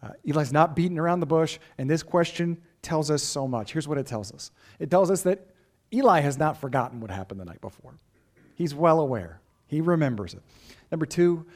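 A man's voice: fairly high pitch, expressive, normal speed, darkish tone. A pastor delivering a sermon in an earnest, emphatic way, often asking his listeners rhetorical questions.

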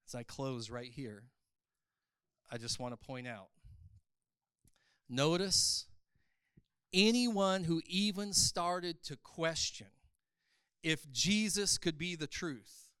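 A man preaching an animated sermon in a church service, building to loud, emphatic passages. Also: a little high, slow pace, long pauses, clear, resonant tone, no echo, studio quality. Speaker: pastor.

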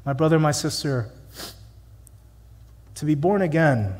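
A man's voice: on the high side, expressive, unhurried, a little mellow, big-room sound. A man preaching a sermon in a church, emphatic and conversational, with many rhetorical questions. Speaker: pastor.

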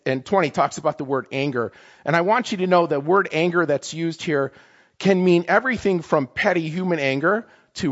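Man, sermon, animated, confessional, slightly high voice, dull lo-fi recording. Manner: animated, confessional, many "right?" tags. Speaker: preacher.

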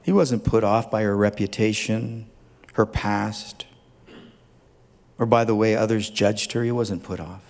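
With a long hall reverb around him, a pastor preaches earnestly and tenderly, occasionally swelling into fervent emphasis. His voice is lowish and darkish in tone, and he keeps a moderate pace with few pauses.

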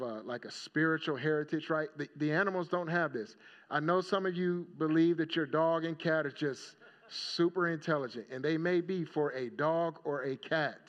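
A male pastor giving a sermon in a casual storytelling manner, often checking in with the congregation. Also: mid-range voice. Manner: conversational storytelling, checking in with "right?". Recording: dull lo-fi recording.

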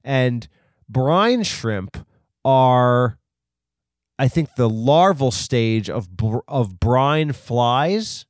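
A man's voice: medium pitch, no room sound, clean studio sound. A man hosting a comedy podcast, rambling through a bit with lots of ums and restarts. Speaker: podcast host.

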